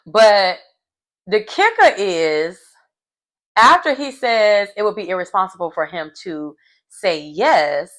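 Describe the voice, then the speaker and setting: A woman's voice: mid-range voice, slow pace. Sassy woman recapping reality TV. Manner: sassy, colloquial, animated, laughs often. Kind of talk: casual TV recap commentary.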